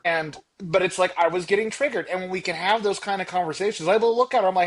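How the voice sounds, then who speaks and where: A man's voice: high-pitched, quick pace, few pauses, fairly bright tone. A man co-hosting a podcast in casual reflective chat, explaining ideas earnestly with personal examples. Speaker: podcast co-host.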